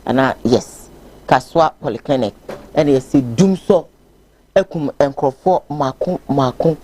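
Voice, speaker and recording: A woman's voice: a bass voice, lively intonation, unhurried, mellow, slight background noise. Female host, Ghanaian accent, loose and chatty, reads viewer messages aloud. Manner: laughs freely, mixes languages. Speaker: talk show host. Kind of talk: casual chat, reading viewer messages.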